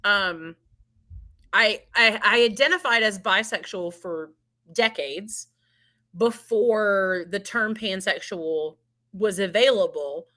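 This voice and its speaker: A middle-aged woman co-hosting a podcast, telling stories in a relaxed, unhurried way with frequent restarts. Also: mid-range voice. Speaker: podcast co-host. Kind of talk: casual chat.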